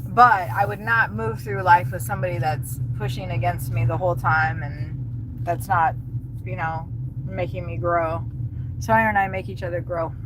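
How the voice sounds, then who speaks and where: A woman's voice: on the low side, fairly even intonation, normal speed. A middle-aged woman chatting casually to her live-stream viewers while she drives, rambling and laughing often. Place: inside a car on city roads. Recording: loud car and road noise.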